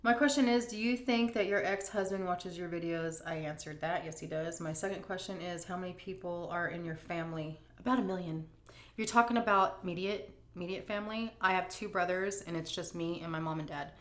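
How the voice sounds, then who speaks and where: A middle-aged grandmother vlogger chatting candidly and emotionally as she answers viewer questions. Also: lowish voice. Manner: candid, emotional, drawn-out emphasis. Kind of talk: casual Q&A chat. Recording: echoey room.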